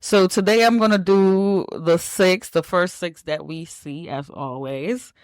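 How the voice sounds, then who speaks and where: A woman's voice: lowish voice, unhurried, darkish tone, clean tone, no room sound. A woman hosting a casual podcast, teasing her co-host and laughing often. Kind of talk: casual chat.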